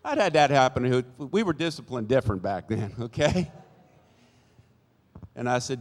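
A man in his sixties gives a sermon-style personal testimony in a church sanctuary, telling his life story in a folksy way and acting out the people in it. His medium-pitched voice is expressive and moderately paced with frequent pauses, and the recording has long church-hall reverb.

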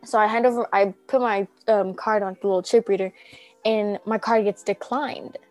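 A woman's voice: medium pitch, fairly even intonation, moderate pace, a little mellow, faint music behind. Rambling teenage girl telling stories. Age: teens. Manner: rambling, heavy use of "like", acts out quotes. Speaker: podcast co-host. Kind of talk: casual chat, storytelling.

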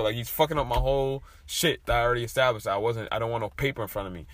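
A young man chatting casually, telling a profane, animated story with big bursts of laughter. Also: on the low side, quick pace, dry recording. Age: young adult.

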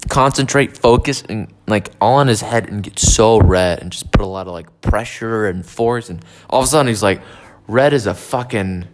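A man with a fairly low voice talks on in an offhand, rambling monologue. He swears freely and keeps stopping to restart his sentences, filling the gaps with loose asides. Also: normal speed, slight background noise. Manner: profane, meandering, frequent fillers and restarts.

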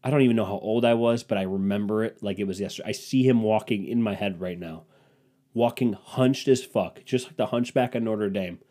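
A man's voice: fairly low pitch, a little fast, warm tone. A young man hosting a solo podcast, telling comedic stories in a rambling, crude, self-mocking way. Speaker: podcast host.

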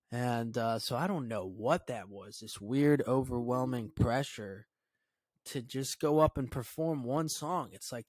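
A man's voice: measured pace, no echo. Profane, rambling male podcast host. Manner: loose and profane, drops to a low mutter when quoting his own thoughts. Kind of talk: casual solo podcast storytelling.

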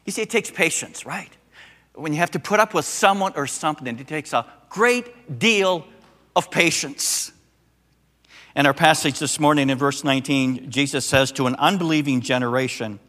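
An older man, a pastor, preaching a sermon and telling a story with animated, acted-out voices. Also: a little high, moderate pace, big-room sound.

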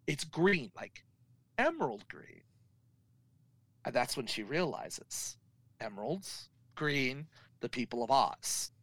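A man's voice: mid-range voice, slow, pauses often, no echo, poor audio. A man casually recapping a film plot for a co-host, acting out the characters' lines as he goes. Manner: animated storyteller acting out characters. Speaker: podcast co-host.

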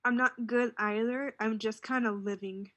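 A woman's voice: on the high side, moderate pace, no room sound. Young woman just chatting, rambly, lots of "like", dry sound. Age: young adult. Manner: relaxed, rambling, heavy use of "like". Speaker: podcast co-host. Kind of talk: casual chat.

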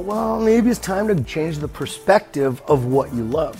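A man's voice: on the high side, normal speed, hardly any pauses, a little mellow, soft background music. A man hosting a podcast, talking in a rambling, reflective monologue and swearing freely. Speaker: podcast host.

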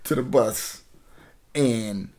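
Against a noisy background, a man with a medium-pitched voice speaks extremely slowly. He is a D.C.-based podcast host in his thirties, telling a casual story with plenty of swearing, laughter, and acted-out characters.

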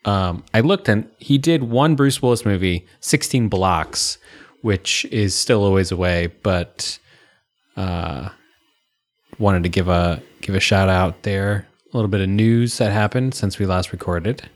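A man with a fairly low voice chats casually as a podcast co-host. He tells stories in a loose, rambling way, full of fillers and restarts. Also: a little slow. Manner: rambling, relaxed storytelling with fillers. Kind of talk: casual chat.

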